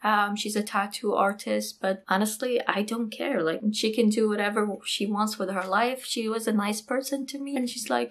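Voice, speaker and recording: A young woman telling a storytime vlog in an animated, emphatic way. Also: mid-range voice, brisk, vocal fry, few pauses. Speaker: architecture YouTuber.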